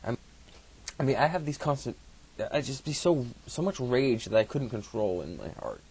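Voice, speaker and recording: A man telling a personal story casually, in a halting, profane way with many restarts. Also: medium pitch, big pitch swings, darkish tone, breathy edge.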